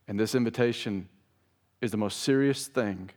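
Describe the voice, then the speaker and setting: A man's voice: fairly low pitch, moderate pace, a little mellow. A man preaching a sermon to his church, emphatic and pleading, stressing key phrases. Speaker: pastor. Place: church sanctuary.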